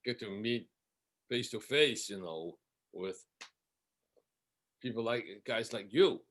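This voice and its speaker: A man co-hosting a casual video-call interview, speaking haltingly and restarting his phrases. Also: on the low side, animated, a bit bright. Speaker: co-host, interviewer.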